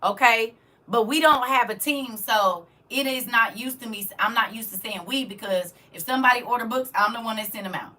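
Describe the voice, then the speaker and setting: Her voice is a little high, brisk and bright, with a forceful tone picked up by a distant mic. An online Bible teacher, she chats casually on a livestream and reads out viewer comments, hammering her points through emphatic repetition and a recurring "you hear me?"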